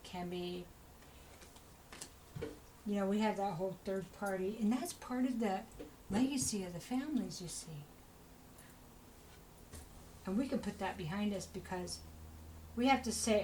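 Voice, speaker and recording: A woman's voice: mid-range voice, unhurried, pauses often, a little mellow, slight background noise, low-quality recording. Chatty woman giving a tarot reading. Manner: chatty, rambling, full of "you know" asides; encouraging, talks straight to the listener. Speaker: tarot reader. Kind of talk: casual spoken tarot reading.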